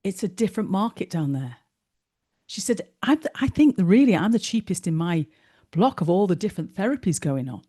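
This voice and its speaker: A woman leads an online business lesson in a relaxed, mellow voice. She tells stories in a chatty way and slips into the voices of the people in them. She sounds like she is on a video call. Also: lowish voice, a little fast. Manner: chatty storyteller, acts out dialogue. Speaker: business course tutor. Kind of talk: online teaching with anecdotes.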